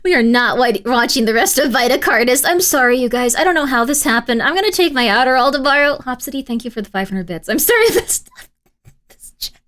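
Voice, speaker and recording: A woman's voice: fairly high pitch, fast talker, few pauses, fairly bright tone. A woman streamer chatting casually with her live chat, giggly, rambling and full of apologies. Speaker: streamer reacting to videos.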